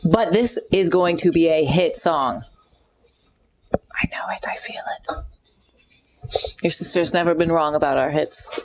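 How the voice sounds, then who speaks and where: A woman's voice: deep voice, moderate pace, darkish tone, a little hiss or hum, pitched below the performer's own voice. A woman voicing a controlling young bard and elder sister who writes the songs, speaking earnestly in role-play. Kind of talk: in-character tabletop role-play.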